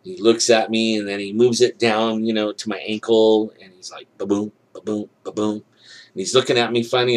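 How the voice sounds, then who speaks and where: A man telling a personal story in casual speech, acting out what people said, full of "you know" and "like", chuckling now and then. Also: on the low side. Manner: animated, acts out quoted dialogue; frequent fillers like "you know" and "like". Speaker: storyteller recounting a personal experience.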